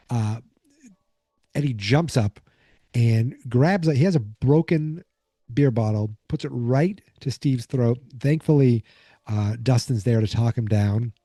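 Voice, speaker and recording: A drowsy man hosts a podcast, recapping an episode in a loose, rambling way full of fillers. His voice is deeply mellow and dark, recorded dry with no room sound. He keeps fighting off yawns. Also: no room sound. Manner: rambling, lots of fillers and asides. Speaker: podcast host.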